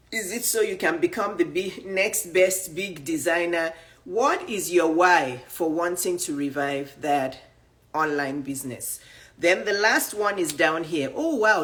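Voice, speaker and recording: A woman in her fifties with a Nigerian accent, giving a casual motivational talk to viewers, animated and full of rhetorical questions. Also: lowish voice. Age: 50s. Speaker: dating and image coach. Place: live stream.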